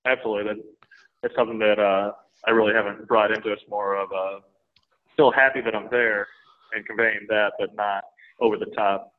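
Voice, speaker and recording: A man's voice: fairly low pitch, steady tone, a little fast. A man hosting a podcast, answering briefly on a call. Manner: brief agreeing replies. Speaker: podcast host. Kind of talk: call-in conversation. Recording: tinny phone-like line.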